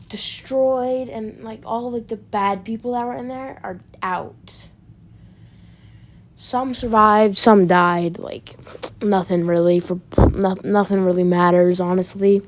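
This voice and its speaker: Woman, slow unhurried delivery, rambling improvised storytelling, lots of fillers, swears freely, faint background hum. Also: medium pitch. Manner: rambling, full of fillers and restarts. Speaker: fan storyteller.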